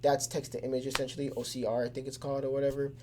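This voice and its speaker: Brief: a man as a relaxed lesson host, loose delivery with plenty of fillers, keeps it simple. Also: medium pitch, very fast, slight background noise. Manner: loose and conversational, with many fillers and restarts; keeps things simple with everyday examples. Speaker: teacher. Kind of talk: casual explainer lesson.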